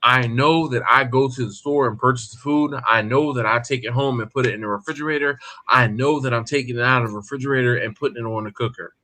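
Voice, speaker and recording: Bright, animated male storyteller. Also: medium pitch, fast, hardly any pauses. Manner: animated, acts out the people in his stories; repeats and restarts words as he talks. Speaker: barbecue cook and show host. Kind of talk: casual storytelling on a live group call.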